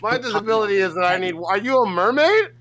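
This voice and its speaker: A man co-hosting a livestream, reacting with loud, profane, mocking rants. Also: high-pitched, expressive. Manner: loud, mocking and rapid-fire. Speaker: co-host.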